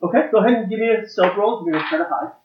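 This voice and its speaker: A man's voice: sits high, rapid-fire, slight background noise. A man narrating as game master of a tabletop role-playing game, loose and rambling with restarts. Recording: echoey room, dull lo-fi sound.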